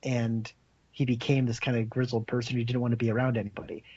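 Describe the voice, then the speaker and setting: A man's voice: mid-range voice, little pitch movement, fast, darkish tone, breathy edge, no echo, dull audio. A man co-hosting a podcast in casual chat, rambling and laughing as he acts out quotes. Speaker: podcast co-host.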